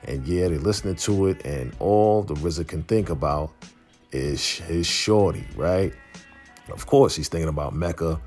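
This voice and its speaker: Man, very deep voice, casual episode recap, slangy storytelling, faint music behind. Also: normal speed, a little mellow. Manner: slangy storytelling, acting out quoted lines. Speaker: YouTube show recapper.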